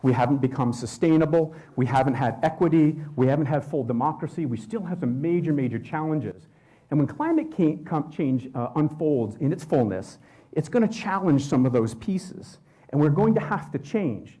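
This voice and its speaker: A man's voice: on the high side, lively intonation, normal speed, mellow. A man presenting for a state environmental agency, talking in a conversational way with frequent restarts and self-corrections. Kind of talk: educational presentation.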